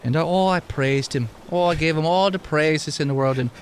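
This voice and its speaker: A man's voice: on the high side, normal speed, a little hiss or hum, natural voice. A man voicing an ancient, world-weary man in a put-on Irish accent, telling in a rambling, folksy way how he tricked the devil. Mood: scheming, boastful.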